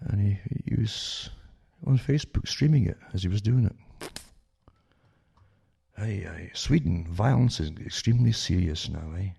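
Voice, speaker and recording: A man's voice: lowish voice, lively intonation, a little slow, gravelly, warm tone, slightly rough. An older man hosting a talk radio show, rambling with many restarts and sarcastic asides that end in "eh?".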